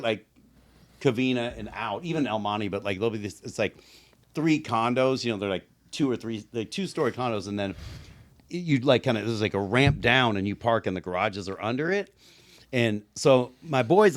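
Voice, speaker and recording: Man, casual podcast co-host, low voice, lively pitch, meandering storyteller. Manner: meandering, profane, expressive storyteller.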